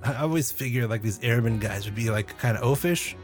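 A man's voice: medium pitch, fast talker, soft background music. A man playing a tabletop role-playing game, laid-back, laughing often. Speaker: player.

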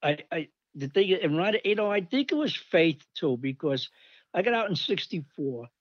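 An older man rambles through old army stories and animatedly acts out the people he quotes. His voice sits a touch high. The recording is dull and dry. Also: sing-song, moderate pace, dry recording. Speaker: storyteller recalling army days. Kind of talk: casual anecdote.

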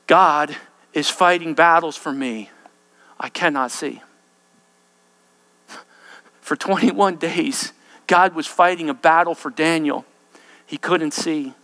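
A man preaching a sermon, swinging between loud, intense lines and hushed, quiet ones. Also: on the high side.

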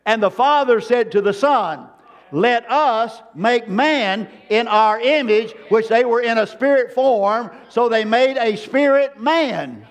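A man with a high-pitched voice delivers a sermon from the pulpit. He hammers his points home with repeated phrases and reaches out to the congregation for amens. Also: lively intonation, takes it slowly. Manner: emphatic preaching with repeated phrases. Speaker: preacher.

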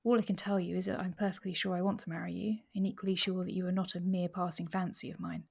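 A woman reading aloud as a blunt, ardent middle-aged male suitor, in a hushed low-key voice. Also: level tone, quick pace, gravelly, husky.

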